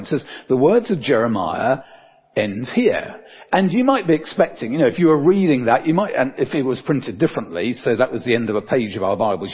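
An older man preaching a sermon in a conversational way, with many fillers and soft dips for emphasis. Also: mid-range voice, husky, highs cut off.

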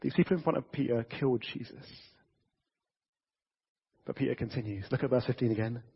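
A man preaching a casual, lively sermon to a church congregation, talking conversationally with frequent restarts. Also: medium pitch, a little fast, creaky, slightly rough. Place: church hall. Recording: dull reverberant church audio.

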